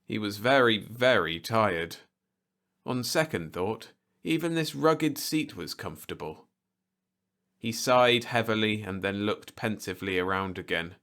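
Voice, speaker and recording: A man reading a science fiction bedtime story aloud in an expressive, animated way. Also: on the low side, unhurried. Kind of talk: scripted narration of a bedtime story.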